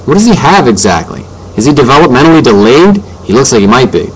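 A man voicing a worried, gossipy suburban mother in an audiobook reading, in a higher, anxious voice. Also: very animated, quick pace, husky, rough recording. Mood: concerned. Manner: anxious and fussy.

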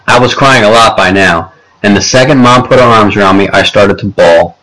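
A male audiobook narrator with a low voice, reading at an unhurried, measured pace. His delivery stays even and steady through the telling. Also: low-quality recording.

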